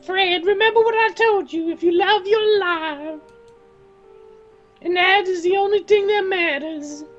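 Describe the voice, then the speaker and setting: A gentle talking cat from a creepy adventure game, speaking in a strikingly high, soft and soothing voice, as a man puts it on. He sounds kind and reassuring. The sound is a little dull and muffled, with faint music underneath. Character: gentle kindly male talking cat companion.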